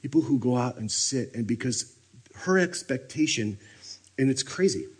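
A husky-voiced man preaching at a retreat. His delivery is animated and swings from loud, energetic bursts down to hushed near-whispers. His pitch sits in a middle range. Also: moderate pace. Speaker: retreat speaker. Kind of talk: sermon. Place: retreat meeting room.

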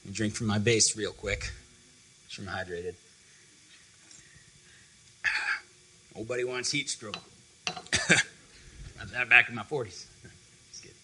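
A man's voice: lowish voice, fairly even intonation, slow pace, pauses often, sharp tone, a little hiss or hum, poor audio. A young man giving a casual, conversational sermon to a student fellowship, full of "like" and loose asides. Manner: conversational, filler-heavy with frequent "like".

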